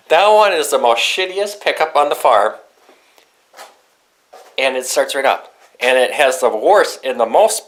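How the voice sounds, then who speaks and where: A young man vlogging casually, telling a rambling, profane story about his day with excitable outbursts. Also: medium pitch, low-quality recording.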